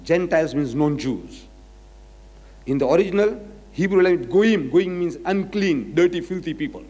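A man's voice: a little high, lively intonation, normal speed. Emphatic man lecturing in hall. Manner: emphatic, rhetorical questions, swings from loud to quiet. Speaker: religious lecturer. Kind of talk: public lecture on scripture.

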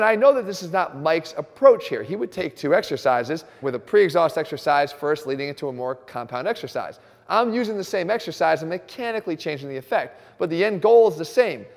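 A man explaining a workout as a fitness coach, talking emphatically and fast. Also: a little high, long reverb tail. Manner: emphatic and rapid. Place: gym.

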